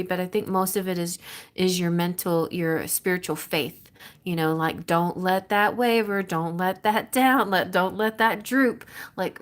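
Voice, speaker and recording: A woman giving a tarot reading on a live stream, rambling and excitable and often restarting her sentences. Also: mid-range voice. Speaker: tarot reader.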